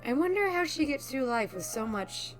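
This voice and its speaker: A woman voicing a brainy young male scholar who loves chaos and talks excitably about his sibling. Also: sits high, normal speed, soft background music. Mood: exasperated.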